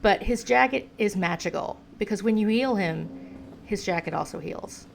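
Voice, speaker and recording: A woman's voice: medium pitch, normal speed, gravelly, a little hiss or hum. An American woman giving chatty gameplay commentary, talking to the game's hero the way she talks to a pet. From United States. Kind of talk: casual game commentary.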